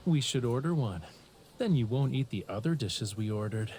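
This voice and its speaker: A man's voice: mid-range voice, expressive, moderate pace, a little mellow, soft background music, lightly acted. An actor voicing a sly, teasing young Lemurian man in a romance game, speaking in a playful, knowing way. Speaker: game character.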